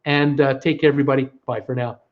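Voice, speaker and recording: A man's voice: mid-range voice, steady tone, fast talker, dull audio. A man hosting a live stream, rambling casually through his thank-yous and goodbyes, his voice tiring. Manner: chatty, rambling, full of uh fillers and thank-yous.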